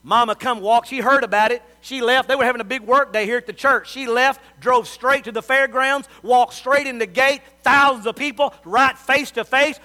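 A man's voice: very high voice, steady tone, moderate pace, few pauses, bright, forceful tone. A middle-aged man, preaching a sermon as a pastor and telling folksy stories.

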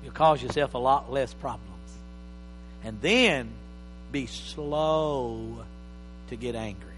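A man preaching a sermon as pastor, emphatic, swinging between loud and soft. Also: mid-range voice, lively intonation, slow, faint music behind. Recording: reverberant hall with faint mains hum.

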